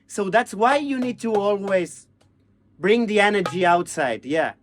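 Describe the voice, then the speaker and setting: A man teaching hand-drum technique, chanting drum syllables and counting beats in halting. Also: high voice, animated, faint music behind. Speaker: percussion teacher. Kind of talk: hands-on music lesson.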